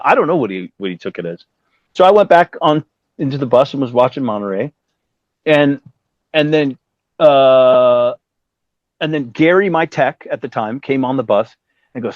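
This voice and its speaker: A man's voice: mid-range voice, expressive, a little fast, no echo, lo-fi sound. A middle-aged man, a guest musician, telling a long rambling story in a casual interview, acting out the lines of the people in it. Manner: rambling anecdote with acted-out quotes and profanity.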